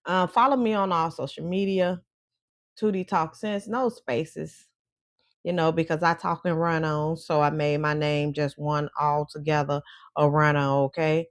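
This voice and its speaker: A woman's voice: sits low, steady tone, a little slow, no echo, clean studio sound. A woman vlog host with a Chicago accent and Mississippi roots, chatting casually and folksily to her viewers.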